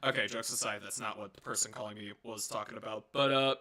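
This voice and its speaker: A man's voice: fairly low pitch, steady tone, fast talker, sharp tone. A young man giving a casual, rambling movie review, swearing and joking with lots of fillers and restarts. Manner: rambling, profane, jokey, many fillers and restarts.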